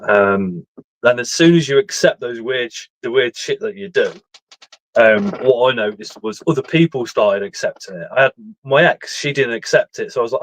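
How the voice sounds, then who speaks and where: A man's voice: mid-range voice, moderate pace, dry recording, low-quality recording. Blunt, swearing man, dry close sound. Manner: blunt, swears freely, rambling. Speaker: livestream speaker reading chat. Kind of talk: candid casual chat.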